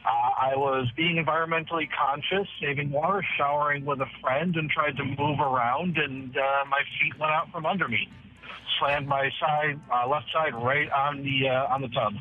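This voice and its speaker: A male caller telling a story with wry, deadpan humor. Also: a little high, normal speed. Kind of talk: phone-in story. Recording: dull phone line.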